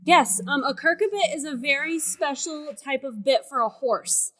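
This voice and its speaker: A woman's voice: high voice, normal speed, a bit bright. A woman on a comedy podcast panel, telling a made-up story hesitantly with many ums. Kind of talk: casual podcast chat.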